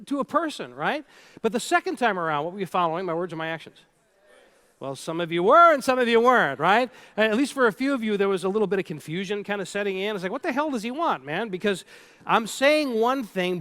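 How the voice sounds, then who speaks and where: High-voiced man giving a playful keynote. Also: a bit bright. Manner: storytelling, playful, engages the audience directly. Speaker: keynote speaker. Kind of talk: live keynote speech.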